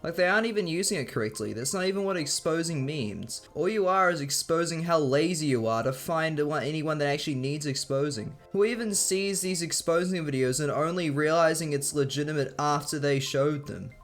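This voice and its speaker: A man's voice: fairly high pitch, a little fast, hardly any pauses, soft background music. A young man narrating scripted commentary in a sarcastic, profane way. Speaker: video commentator.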